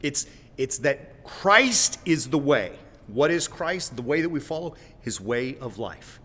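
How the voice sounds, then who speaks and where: A man's voice: medium pitch, very animated, unhurried, bright, forceful tone. Rambling preacher man in a reverberant room. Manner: rambling, self-correcting, apologetic asides; folksy, direct, with repeated "right?". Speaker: host of a Christian livestream. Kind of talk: informal livestream preaching. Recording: long reverb in a roomy space.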